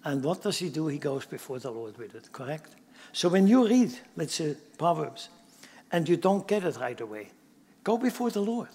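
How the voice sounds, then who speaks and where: A man preaching a sermon, swinging from loud emphatic bursts down to near-whispers. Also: fairly high pitch, big pitch swings, normal speed, breathy edge, long reverb tail. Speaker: pastor.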